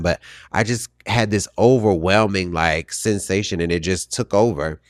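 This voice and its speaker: A man hosting a podcast, telling a personal story in a reflective, halting way with many restarts and fillers. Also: deep voice, dry recording, studio quality. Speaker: podcast host.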